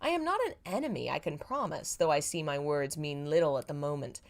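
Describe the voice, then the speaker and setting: Sly, smirking male demon spy, soft and low, read by a woman. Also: brisk. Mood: sly calm. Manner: calm, smirking, softly murmured. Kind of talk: reading own fanfiction aloud.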